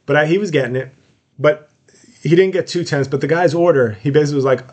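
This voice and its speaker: A man's voice: mid-range voice, fast, darkish tone. A rambling man telling a story. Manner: rambling storytelling with frequent fillers and restarts. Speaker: podcast host, comedian. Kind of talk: casual monologue.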